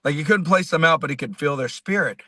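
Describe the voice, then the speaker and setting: A man's voice: on the high side, fast, dry recording. A man, a musician being interviewed, telling a rambling story and acting out the dialogue as he goes. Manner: animated, rambling, acts out quoted dialogue. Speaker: musician guest.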